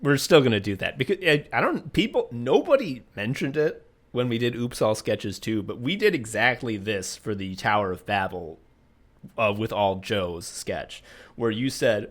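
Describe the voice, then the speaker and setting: A man's voice: medium pitch, animated, normal speed. A man co-hosting a podcast, rambling and joking in casual chat while reading listener messages aloud. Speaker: podcast co-host.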